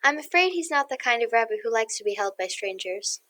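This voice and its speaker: A prim, proper little girl, as a woman reader puts her on, speaking softly and earnestly. Her voice sits high and moves around a lot, rising and falling in pitch. The storybook voice stays gentle and quiet. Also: animated, fairly quick. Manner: soft and earnest, quiet delivery.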